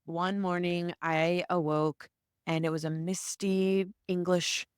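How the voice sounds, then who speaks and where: An American woman hosting a solo podcast, telling stories in a chatty, animated way. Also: lowish voice, slow, smooth, no room sound, studio quality. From United States. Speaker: podcast host.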